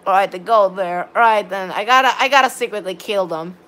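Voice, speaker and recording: A woman giving excitable, rambling live commentary on her gameplay while chatting with viewers. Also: medium pitch, fairly quick. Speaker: game streamer.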